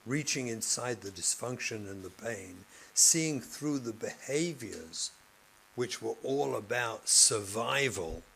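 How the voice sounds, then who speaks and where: A man, a rabbi and therapist, giving a passionate lecture to educators, moving from loud emphasis to hushed speech. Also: medium pitch, gravelly, slight background noise, rough recording. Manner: passionate, acts out classroom scenes, swings between loud and hushed.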